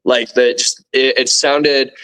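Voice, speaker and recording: A young man as an interview guest, recounting what he saw in a halting, casual way with many fillers and restarts. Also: mid-range voice, flat delivery, bright, forceful tone, clear, resonant tone, poor audio. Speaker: guest eyewitness.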